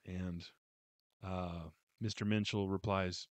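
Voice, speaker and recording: A man's voice: lowish voice, moderate pace, no room sound. A man giving a casual, heartfelt book review, rambling with many fillers and restarts.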